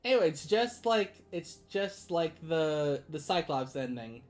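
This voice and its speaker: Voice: mid-range voice, very animated, measured pace, a little mellow, faint music behind. A game streamer giving casual play-by-play commentary, rambling with lots of restarts and laughs.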